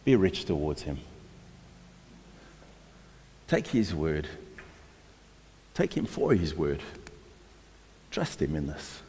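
Deep-voiced male pastor preaching in a hall. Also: sing-song, takes it slowly, long pauses, mellow. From South Africa. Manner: emphatic, exhorting, with repeated restarts. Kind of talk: sermon. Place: church hall. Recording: long hall reverb.

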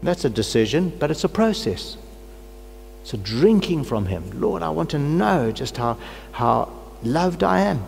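A man's voice: on the high side, very animated, a little slow, creaky, darkish tone. A middle-aged man preaching with earnest conviction, his voice climbing into fervent prayer. He has a cold, and his words ring out in a long-echoing hall with a faint hum behind him. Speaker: pastor. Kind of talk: sermon.

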